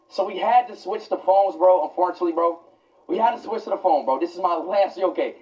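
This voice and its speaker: A man's voice: high-pitched, fast. Young man streaming on a phone. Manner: loose slangy talk full of "bro", jumpy and easily scared. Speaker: live streamer. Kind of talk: casual live stream chat. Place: walk-through haunted attraction. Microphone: phone held while walking. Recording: roomy far-off lo-fi phone sound with music.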